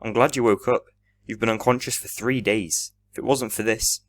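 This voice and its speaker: A man's voice: fairly low pitch, fairly even intonation, moderate pace, lightly acted. A man voicing a cheerful, eccentric and ancient male time traveller in a fan audio drama, speaking breezily.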